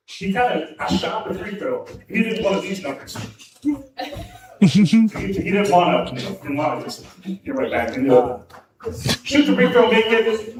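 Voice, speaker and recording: A man's voice: high voice, echoey room. A man doing a stand-up set, telling crude stories in a loose, rambling way, heard through a venue PA from far off with a crowd. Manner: loose storytelling with crude jokes. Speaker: stand-up comic. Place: small comedy venue stage. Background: audience crowd.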